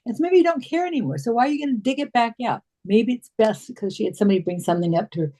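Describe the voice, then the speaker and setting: A woman's voice: fairly high pitch, rapid-fire, dark tone. A middle-aged woman in a casual book group discussion, chattily retelling family conversations.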